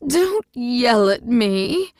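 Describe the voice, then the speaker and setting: Woman doing a shrill, shrieking old woman. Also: very animated, very slow, a bit bright, no room sound, clean studio sound, full character voice. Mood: panicked. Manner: shrill, panicky cries.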